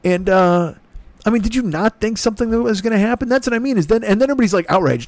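A man's voice: lively intonation, very fast, no echo. Heated, profane man ranting. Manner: heated, profane, sweeping swings in pitch. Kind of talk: profane comedic political rant.

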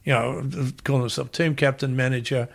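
A man's voice: medium pitch, brisk, creaky. Rambling Australian man telling stories. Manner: rambling, animated storyteller acting out quotes. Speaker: interview guest. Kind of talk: casual anecdote telling.

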